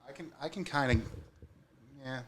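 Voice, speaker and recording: A man's voice: mid-range voice, moderate pace, a bit bright. A man co-hosting a comedy podcast in casual chat, laid-back and answering in short replies. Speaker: podcast co-host.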